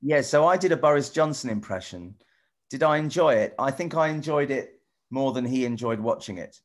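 A middle-aged man chatting casually with children over a video call, rambling and halting with lots of restarts. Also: mid-range voice, expressive. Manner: rambling, halting, full of restarts and "you know". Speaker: celebrity guest answering children's questions. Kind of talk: casual friendly chat with children.

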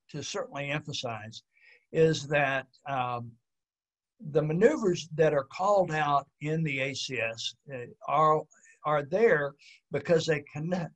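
A man with a slightly higher-than-average voice gives a webinar presentation as a pilot examiner. He explains things in a steady, measured way, often pausing on fillers and small restarts.

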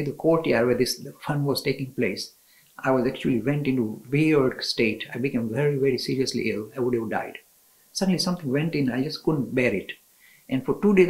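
A man's voice: mid-range voice, brisk, rough recording. A man telling spiritual stories as an interview guest, enthusiastic, often laughing and restarting his sentences. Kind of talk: storytelling in a conversation.

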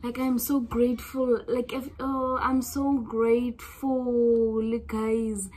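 A young South African woman with a South African accent, chatting casually to her vlog audience in an expressive, gushing way that swings between soft musing and loud excitement. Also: on the high side, slight background noise. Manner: drawls words out slowly. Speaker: vlogger.

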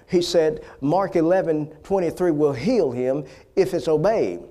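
A man preaching a healing sermon, emphatic and rising to loud, repeated exhortations, with frequent restarts. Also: a little high, moderate pace, hardly any pauses. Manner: restarts and stammers between phrases.

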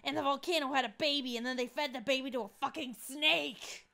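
A woman doing a brash, shouting demon boy. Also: sits high, fairly even intonation, a little fast, gravelly, heavily acted. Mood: hyped. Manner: brash and swearing. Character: crude, loud male demon teen.

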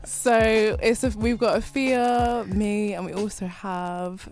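A playful woman from London hosts a casual podcast chat, laughing often as she talks. Her pitch sits in the middle range, and faint music plays underneath. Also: takes it slowly, a little mellow. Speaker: podcast host.

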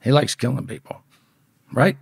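A man's voice: medium pitch, normal speed, creaky, breathy edge, no echo, clean studio sound. A man guest in an interview, telling a story in a rambling, profane, conversational way. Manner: profane, rambling, repeats words as he goes. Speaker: podcast guest.

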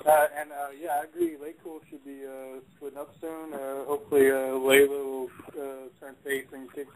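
A man answering as a talk show panelist, halting and full of uh. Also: mid-range voice, lively intonation, gravelly, rough recording.

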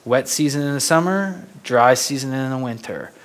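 A young man from Florida giving a talk as a photographer, telling stories in a lively way and laughing often. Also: medium pitch, normal speed. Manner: animated, laughing storyteller. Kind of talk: storytelling lecture.

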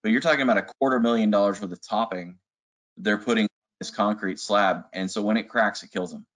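A man's voice: fairly low pitch, fairly quick, a bit bright. A man working as a sales manager who talks casually and enthusiastically in a webinar, with frequent fillers. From Arizona. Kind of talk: webinar presentation. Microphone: video call.

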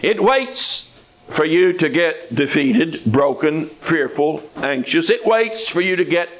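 A man's voice: fairly high pitch, expressive, takes it slowly, rough recording. A man preaching a sermon in a folksy, conversational way with touches of humor.

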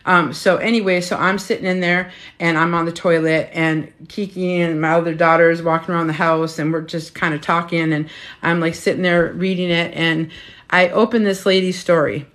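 A woman's voice: fairly low pitch, fairly even intonation, normal speed, a bit bright. A woman in her fifties, a menopause health coach, chatting casually and frankly on a phone at home, swearing freely. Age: 50s. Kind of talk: casual live-stream chat.

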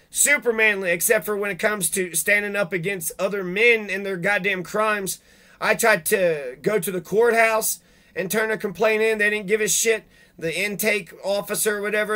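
A man with a high, bright, cutting voice rants on and on, swearing constantly and bursting into loud, heated outbursts. He sounds indignant and fired up the whole way through. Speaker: video blogger reading legal rules. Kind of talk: profane ranting monologue.

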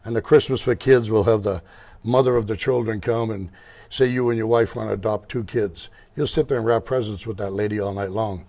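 An older man with a low, gravelly voice talks as a guest in an interview. He tells long stories about running his motorcycle shop, wandering off topic and restarting his sentences. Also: fairly even intonation, fairly quick, dark tone. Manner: rambling, digressive, restarts. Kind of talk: casual storytelling interview.

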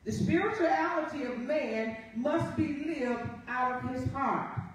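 A woman pastor preaches from the pulpit in a high voice, reading scripture and pausing often to ask "Amen?". She is picked up from a distance, and her words ring with heavy reverb through the church. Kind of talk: sermon. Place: church sanctuary. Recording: very echoey live church feed from afar.

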